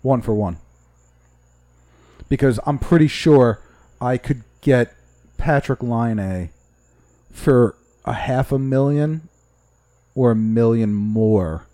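Man, mid pitch, mellow, blunt and crude, casual sports talk, dry recording. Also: slow, long pauses, no room sound. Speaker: podcast co-host.

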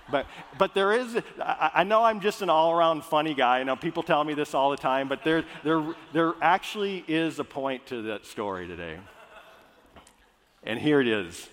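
A man's voice: on the high side, fairly bright tone, a little hiss or hum. A male pastor from Minnesota, praying and then preaching in an earnest, conversational way. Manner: earnest, conversational, restarts phrases. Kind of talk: sermon. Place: church sanctuary. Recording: echoey hall.

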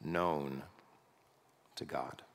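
A pastor preaching a sermon in a conversational way, often checking in with the congregation through rhetorical questions. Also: male voice, very deep voice, steady tone, drawn-out words, gravelly, a little hiss or hum. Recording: long reverb of a large hall.

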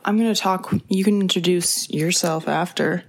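A woman's voice: lowish voice, fairly even intonation, normal speed, husky. A young woman in her twenties co-hosting a podcast, bubbly and agreeable in casual banter. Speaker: podcast co-host. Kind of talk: casual chat.

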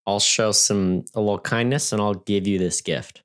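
A man chats casually as a podcast co-host, teasing and easygoing. His voice sits a little low for a man. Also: steady tone, moderate pace. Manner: laid-back, teasing, laughs often. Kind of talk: casual comedic chat.

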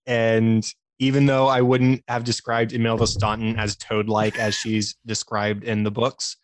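A man's voice: on the low side, monotone, measured pace, a little hiss or hum. A man talking casually on a podcast, analyzing a film with enthusiasm and frequent laughter. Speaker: podcast co-host or guest, teacher by day.

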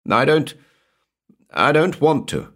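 A man's voice: fairly high pitch, big pitch swings, slow, fairly bright tone, pitched above the performer's own voice, heavily acted. A man voicing a frightened male spirit photographer in a horror audiobook, stammering in a nervous, wavering voice. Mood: terrified.

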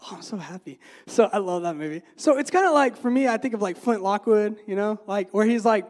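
A man's voice: sits high, fairly quick, darkish tone. A man giving a casual, conversational sermon, full of fillers and repeated words, often asking the listeners rhetorical questions. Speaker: preacher.

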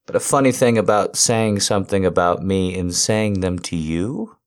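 A man's voice: sits low, moderate pace, smooth, close to an everyday voice. A man voicing a dominant, possessive lover in an erotic audio role-play, giving commands and repeating short demands. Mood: taunting.

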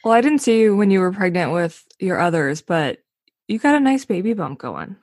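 A woman's voice: medium pitch, expressive, normal speed, darkish tone, no room sound, clean studio sound. A woman co-hosting a podcast, reading an upbeat intro and then chatting playfully. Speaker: podcast co-host. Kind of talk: scripted intro, then casual chat. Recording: music bed behind voice.

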